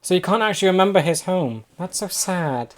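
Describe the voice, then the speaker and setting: A man hosting a reaction video, thinking aloud excitedly and firing off quick questions. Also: high-pitched, soft background music. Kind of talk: casual reaction commentary.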